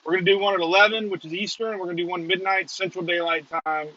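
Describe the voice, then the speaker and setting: A man's voice: sits high, steady tone, fast talker, pushed and bright. Rambling storm-chasing man on a lo-fi stream. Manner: rambling, chuckling storyteller. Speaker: storm chaser, stream host. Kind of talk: casual live chat while driving. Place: inside a moving car.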